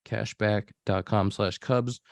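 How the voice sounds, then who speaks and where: A man hosting a podcast, reading a sponsor ad slowly and deliberately. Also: lowish voice, steady tone, creaky, dry recording, clean studio sound. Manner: slow, deliberate ad delivery. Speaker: podcast host. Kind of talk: podcast chat and read ad.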